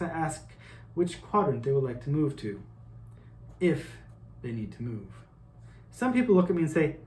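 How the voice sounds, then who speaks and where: A man hosting his own channel, reading a self-help book aloud in an earnest way, with small asides. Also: on the high side. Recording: echoey room.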